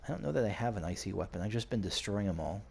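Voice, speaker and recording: A man playing a video game and casually thinking out loud, now and then reading in-game notes aloud. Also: on the low side, lively intonation, very fast, vocal fry, a little hiss or hum. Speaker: game streamer. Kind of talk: casual let's-play commentary.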